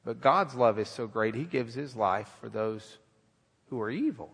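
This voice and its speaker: A man preaching a sermon in a folksy, animated, joking way in a church sanctuary. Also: mid-range voice, normal speed, slightly rough, long reverb tail.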